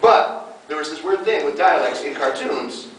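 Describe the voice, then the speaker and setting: A man's voice: on the high side, moderate pace. A man from northern Queensland, joking and running a convention panel Q&A. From northern Queensland, Australia. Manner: jokey, animated, runs the question round. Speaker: voice actor panelist. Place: large convention hall. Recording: echoey hall from far off with crowd noise.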